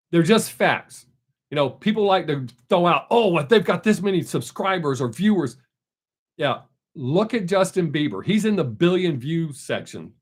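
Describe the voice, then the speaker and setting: A man hosting a casual live stream, answering viewer comments in a blunt, opinionated way. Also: fairly high pitch.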